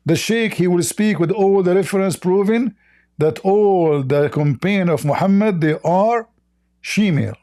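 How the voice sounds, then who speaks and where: A man's voice: high-pitched, measured pace, warm tone. A man, telling rambling anecdotes on a livestream with many fillers and laughs. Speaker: livestream host. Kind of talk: casual storytelling on a livestream.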